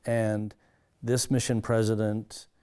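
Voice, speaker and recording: Earnest man telling his story haltingly. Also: lowish voice, level tone, mellow, clean tone. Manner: earnest, halting, with many restarts. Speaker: pastor. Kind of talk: personal testimony storytelling.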